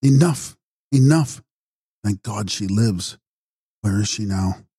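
A man's voice: fairly low pitch, lively intonation, takes it slowly, warm tone, slightly rough, no echo, studio quality, full character voice. A man voicing a distraught young man in a gothic audiobook, speaking with urgent, grieving emotion. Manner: anguished, urgent pleading.

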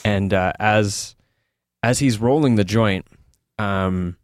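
A man with a fairly low voice talks in a loose, rambling way, full of fillers and restarts, while he recounts personal stories as a podcast guest. The sound is dry and close. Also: slow pace, no room sound. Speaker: guest, author. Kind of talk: candid conversational storytelling.

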